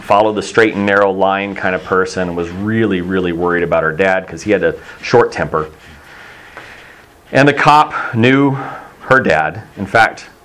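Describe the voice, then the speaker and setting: A man's voice: low-pitched, fairly bright tone. A middle-aged man from Texas preaching a sermon in a conversational, storytelling way, acting out the voices he quotes.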